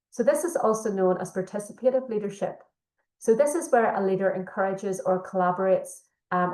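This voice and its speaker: A woman with a mid-range, slightly mellow voice facilitates a leadership training session. As the workshop facilitator, she explains things steadily while using frequent fillers, and the room sounds echoey.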